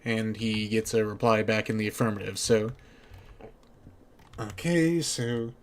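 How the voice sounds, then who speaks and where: A man's voice: lowish voice, steady tone, measured pace, a little hiss or hum. A man narrating as game master of a tabletop game, often restarting his phrases as he voices the characters.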